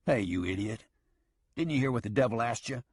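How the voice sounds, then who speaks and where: A man voicing a big, gruff outlaw who bullies and taunts, snarling his lines in an audiobook. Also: mid-range voice, expressive, a little fast, no echo, clean studio sound. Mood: taunting.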